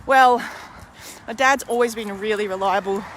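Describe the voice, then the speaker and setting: A woman's voice: mid-range voice, moderate pace, a bit bright, a little hiss or hum. A woman in her forties talking candidly to camera in a rambling, casual personal monologue, now and then swearing mildly. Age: 40s. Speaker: vlogger and podcaster.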